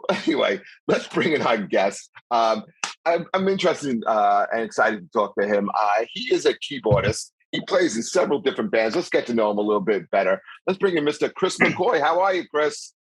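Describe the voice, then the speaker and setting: A man's voice: mid-range voice, sing-song, fairly quick, slightly rough, no room sound, low-quality recording. A man hosting a casual podcast chat who often stumbles, restarts and laughs along. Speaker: podcast host.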